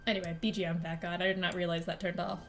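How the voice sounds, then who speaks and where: A woman's voice: on the low side, little pitch movement, racing, soft background music. Rambling swearing woman streamer. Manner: rambling, self-deprecating, swears freely. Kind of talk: casual live-stream chat.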